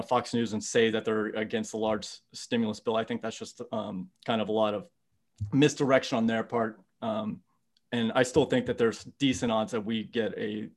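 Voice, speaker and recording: A man appearing as a guest market strategist on a podcast, talking in a rambling casual way full of fillers and restarts. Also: fairly low pitch. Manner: rambling, many fillers, restarts and "you know"s. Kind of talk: casual interview chat.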